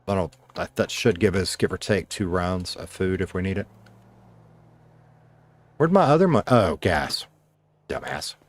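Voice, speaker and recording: A man's voice: deep voice, lively intonation, measured pace, long pauses. A man streaming a game, chatting casually and rambling between talking to himself and greeting his viewers. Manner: rambling, talks to himself and to chat. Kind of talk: casual livestream chat while gaming.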